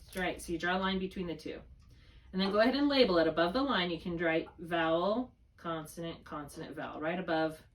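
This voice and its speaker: Her voice sits on the low side and moves fairly quickly, heard through a distant mic. As a reading tutor with one student, she patiently explains spelling rules step by step and keeps checking that everything makes sense.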